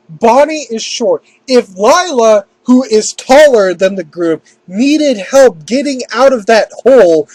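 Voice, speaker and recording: A man giving a casual spoken review of an anime episode. He rambles, restarts his sentences often and slips into quick mock voices for the characters. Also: high voice, darkish tone, dry recording, low-quality recording.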